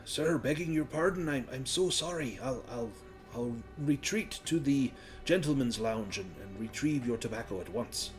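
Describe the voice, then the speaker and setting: A man's voice: mid-range voice, animated, moderate pace, hardly any pauses, faint music behind, natural voice. A man voicing a timid male servant who stammers out apologies and scolds himself. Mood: apologetic.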